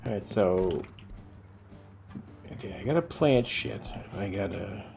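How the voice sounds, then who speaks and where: A man's voice: lowish voice, lively intonation, takes it slowly, vocal fry, a little mellow. A man streaming a game, chatting casually with viewers while he plays, rambling and swearing freely. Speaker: livestreamer.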